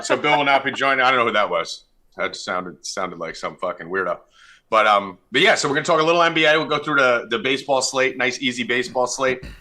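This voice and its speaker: Brief: young male podcast host, very bright tense tone, brash, swears constantly, trash-talks the crew. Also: medium pitch. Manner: brash and profane, loud ribbing. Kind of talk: casual sports betting chat.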